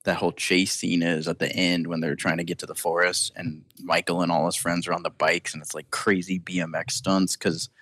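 A man's voice: deep voice, little pitch movement, a little fast, hardly any pauses, a bit bright, no room sound, clean studio sound. A young man hosting a casual film podcast, enthusiastic and laughing often as he talks. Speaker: podcast host.

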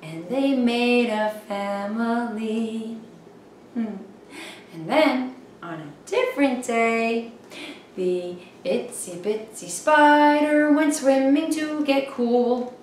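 A woman's voice: fairly high pitch, takes it slowly, darkish tone, very echoey, distant mic, a little hiss or hum. A woman hosting a children's show, singing rhymes and chatting playfully with little whoops. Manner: playful, sing-song, exclaims little whoops. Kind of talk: singing and rhyming for young children.

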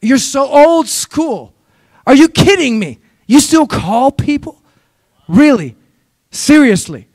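An eye-rolling teenage boy, sarcastic and exasperated with his old-school dad, as a preacher puts him on. The voice sits very high and sounds dry. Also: big pitch swings, takes it slowly, darkish tone, no echo, full character voice.

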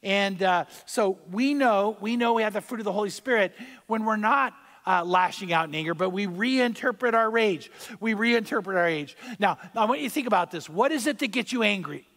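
A man delivers a sermon as pastor, his voice sitting noticeably high for a man. He talks conversationally, repeats his key lines and pushes louder to land a point. The sound carries the long ring of a large church sanctuary. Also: lively intonation, brisk, few pauses, big-room sound. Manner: conversational preaching, repeats key phrases, swings louder for emphasis.

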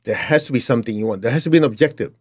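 Middle-aged man, Chinese accent, motivational teacher, blunt and emphatic, mid-pitched voice. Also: rapid-fire, darkish tone. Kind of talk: motivational talk.

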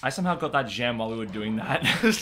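A man's voice: mid-range voice, lively intonation, fast, fairly bright tone, slight background noise. A man chatting casually while playing a game, rambling and laughing often, his voice worn and strained. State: tired, strained voice. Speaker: let's play commentator. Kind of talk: casual gaming chat.

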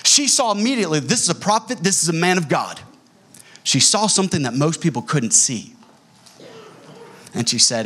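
A man preaching from a church stage in a husky, slightly high voice. His pitch rises and falls widely as he tells stories with energy. He slips into quoted dialogue as he teaches. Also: moderate pace, long pauses. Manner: animated storytelling, acting out quoted dialogue. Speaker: pastor. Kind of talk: sermon. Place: church sanctuary.

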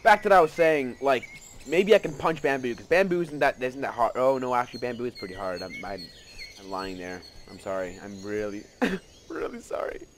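A man giving casual let's play commentary, excitable and rambling, often gasping and joking at himself. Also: medium pitch, fairly quick, a little hiss or hum. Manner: excitable, rambling, gasps and self-mocking asides.

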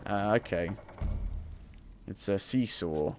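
Talking at a normal speed in a fairly low, expressive voice, a man streams a game and riffs on it. His commentary is casual and full of jokes, as if he's chatting to himself during play.

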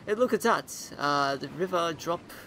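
A man's voice: fairly high pitch, expressive, measured pace, background noise, voice pushed up. A man voicing a new male gamer character with a put-on Australian accent, rambling through gameplay with many fillers. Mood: chatty. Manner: hesitant, filler-heavy, louder than his own voice.

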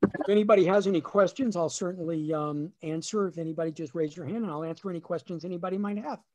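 Speaking fast in a high voice, a middle-aged lawyer and comedian with a New Jersey accent delivers storytelling stand-up on a webinar. He's animated, acting out family voices as he tells funny stories about his relatives over the video call.

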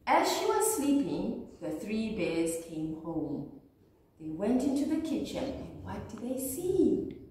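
A woman, an early years teacher, reading a children's story aloud with slow, expressive delivery. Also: medium pitch, distant mic. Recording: echoey room, voice off-mic.

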